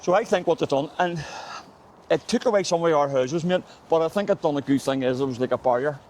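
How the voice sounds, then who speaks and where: Leading a walking tour outdoors on city streets, this middle-aged Belfast guide speaks with a Northern Irish accent, chatting and telling stories packed with "mate." His voice is a little high and darkish, his pace quick, and there's a little hiss or hum.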